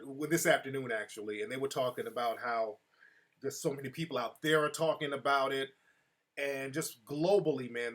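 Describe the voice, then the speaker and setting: A man hosting a casual live talk show, telling stories in an animated way and calling out chat viewers by name. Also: medium pitch. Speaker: show host.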